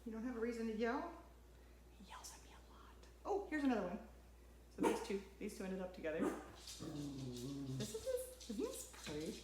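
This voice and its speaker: A woman's voice: a little high, big pitch swings, fairly quick, pauses often, reverberant, noisy background. A woman hosting a casual sewing tutorial at home, chatting to her dog as she works. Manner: chatty, talks to her dog while working. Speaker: sewing channel host.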